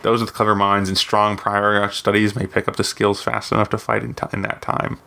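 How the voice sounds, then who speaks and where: A man's voice: lowish voice, flat delivery, moderate pace, creaky, sharp tone. A man reading aloud, voicing a proud, sardonic older woman mage who teaches, with a dry, cutting manner. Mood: firm. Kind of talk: audiobook reading.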